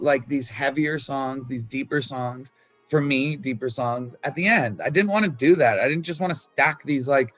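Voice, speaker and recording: A man's voice: mid-range voice, fairly bright tone, dry recording. A man talking about writing his album, loose and candid, swearing freely and full of fillers. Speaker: musician discussing his album. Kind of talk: casual talk about songwriting.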